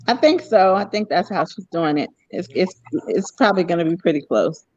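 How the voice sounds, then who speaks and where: A woman chatting casually as a guest player over a remote call, giggly and relaxed. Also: lowish voice, a little fast, husky, no room sound, muffled recording. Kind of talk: casual chat.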